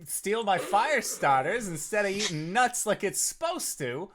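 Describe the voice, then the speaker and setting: A woman's voice: mid-range voice, very animated, a little slow, a little hiss or hum. Laughing, profane woman player. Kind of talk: playing a tabletop game.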